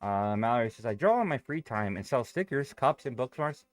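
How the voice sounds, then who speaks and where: Chatty profane man, lively pitch. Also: fairly quick, no echo. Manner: loose and profane, thinking aloud. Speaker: day trading streamer. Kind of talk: casual live-stream chat, reading viewer comments.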